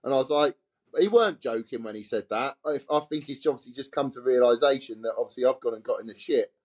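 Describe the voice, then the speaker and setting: Un hombre con acento de Essex que cuenta anécdotas en tono informal, suelta palabrotas a menudo y se ríe mientras habla. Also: male voice, medium pitch, quick pace, darkish tone. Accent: Essex English. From England. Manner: swears freely, laughs while telling stories. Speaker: podcast guest. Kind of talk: casual storytelling.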